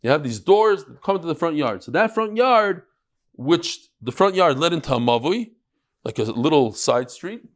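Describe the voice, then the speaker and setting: A man leads a Talmud class, talking in a lively, chatty way and sprinkling in Hebrew and Yiddish terms. His voice sits a bit high for a man. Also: normal speed. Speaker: Talmud teacher.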